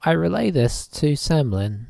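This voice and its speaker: A woman's voice: low-pitched, sing-song, a little slow, vocal fry, mellow, no echo, studio quality. A woman player in a tabletop game, describing her actions matter-of-factly. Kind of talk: tabletop role-play chat.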